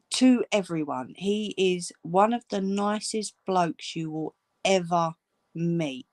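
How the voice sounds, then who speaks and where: Woman host, furious scolding rant, deliberate pace, dry close sound. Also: lowish voice, no echo. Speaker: channel host. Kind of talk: angry direct-to-camera rant.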